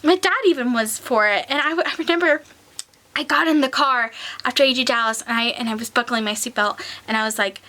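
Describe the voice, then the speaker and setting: A woman's voice: a little high, a little fast, sharp tone. A young woman chatting casually to camera as a collector vlogger, rambling with lots of fillers and getting tearful.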